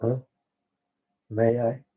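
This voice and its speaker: A man's voice: mid-range voice, level tone, extremely slow, warm tone. A man whose first language is Dutch, speaking in an earnest, repetitive monologue and often addressing listeners as folks. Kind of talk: impassioned spoken monologue. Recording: dull lo-fi recording.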